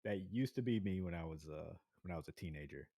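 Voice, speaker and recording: A man's voice: low voice, expressive, fast talker, mellow, dry recording. A man in his thirties in casual chat as a podcast co-host, laid-back and laughing often as he rambles. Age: 30s.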